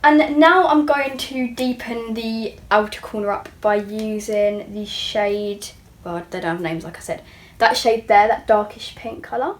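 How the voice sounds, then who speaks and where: A young beauty vlogger with a fairly high voice talks through a makeup tutorial at a measured pace. Her casual chat is self-mocking, and now and then she drops to a near-whisper.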